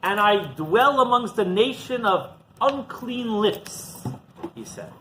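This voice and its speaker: Animated rabbi telling a Torah story. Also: male voice, slow pace, noisy background. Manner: animated retelling, voices quotes higher and louder.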